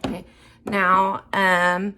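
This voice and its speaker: A woman filming her first makeup tutorial, chatting casually and unsure of herself, dropping into soft murmurs while she concentrates on the brush work. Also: mid-range voice, completely flat delivery, drawn-out words, a little hiss or hum. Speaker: beginner makeup vlogger.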